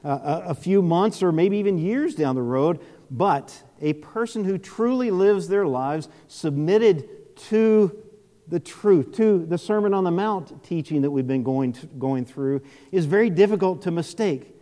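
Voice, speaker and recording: A male pastor delivers a sermon in a slow, earnest, measured way, often restarting a phrase before pressing on. His voice sits a little high and has a mellow, dark tone. A long reverb trails behind his words, as if he is speaking in a large hall. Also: expressive.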